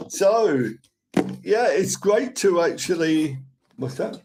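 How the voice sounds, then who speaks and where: Older Cockney man, chatty live-stream host, a touch high-pitched, rambling. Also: very animated, slow pace, background noise. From London. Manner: chatty, rambling, thanks viewers for gifts. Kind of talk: casual live-stream chat with viewers.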